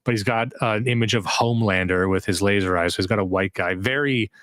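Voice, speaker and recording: A man's voice: lowish voice, quick pace, fairly bright tone, no echo, clean studio sound. A man from Canada co-hosting a livestream podcast, rambling loosely and reading online comments aloud. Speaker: podcast co-host. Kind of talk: casual livestream podcast talk.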